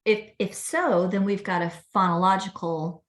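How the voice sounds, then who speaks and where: A woman who is a speech-language pathologist, explaining ideas in an animated, teacherly way during an interview. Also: mid-range voice, moderate pace. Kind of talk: interview conversation. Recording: echoey room.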